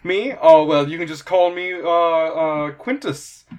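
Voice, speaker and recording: A man voicing an excitable, fawning male arena announcer who rambles eagerly. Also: a little high, measured pace, pitched above the performer's own voice, natural voice. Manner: gushing, breathless fan, rambling.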